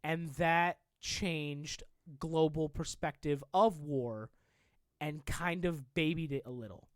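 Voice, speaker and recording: Young male podcast co-host, high voice, animated sweary chat. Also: slow, dry recording. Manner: animated, swearing, mocking asides. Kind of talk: casual chat.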